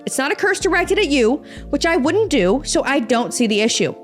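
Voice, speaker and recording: A woman's voice: high-pitched, soft background music. A young woman hosting a podcast, reading out online posts in casual chat with sarcastic, profane asides. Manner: sarcastic, profane and animated, quick asides and laughs. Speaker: podcast host.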